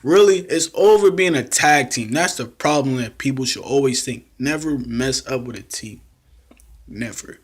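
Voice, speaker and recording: A man's voice: medium pitch, normal speed, husky. A young man talking casually through his predictions for wrestling matches, laughing often and acting out what the wrestlers said. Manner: excitable, laughs often, acts out quotes. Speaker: wrestling fan vlogger.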